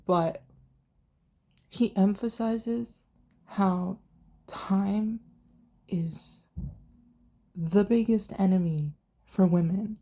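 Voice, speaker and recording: A young woman casually recapping a TV show in a chatty, profane way, acting out what the characters said. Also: medium pitch. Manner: chatty, profane, animated retelling with quoted voices. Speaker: TV reviewer.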